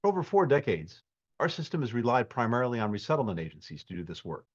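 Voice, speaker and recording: A man giving a measured, formal prepared statement as a government official. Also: mid-range voice, very animated, slightly rough, dull audio.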